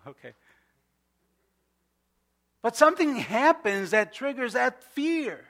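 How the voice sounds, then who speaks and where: Bright-voiced middle-aged pastor preaching casually. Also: male voice, very high-pitched, big pitch swings, takes it slowly, pauses often. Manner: conversational, many asides and restarts. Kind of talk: sermon.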